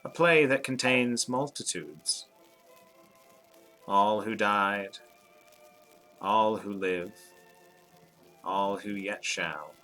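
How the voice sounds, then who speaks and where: A man's voice: on the low side, extremely slow, pauses often, sharp tone, faint music behind, heavily acted, low-quality recording. A man voicing a cryptic old-world bookseller. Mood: musing. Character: cryptic male bookshop keeper, calm and philosophical.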